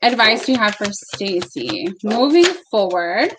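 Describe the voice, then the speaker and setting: A woman's voice: medium pitch, big pitch swings, measured pace, background noise. A woman giving live-stream tarot readings at home, chatty and casual, sometimes emotional, with the odd swear word. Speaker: tarot reader. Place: home with barking dogs.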